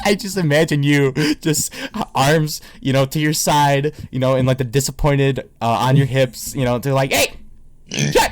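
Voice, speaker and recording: A man's voice: mid-range voice, no echo. A young man co-hosting a casual podcast, laughing often and retelling comedy bits with energy. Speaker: podcast co-host. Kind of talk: casual chat.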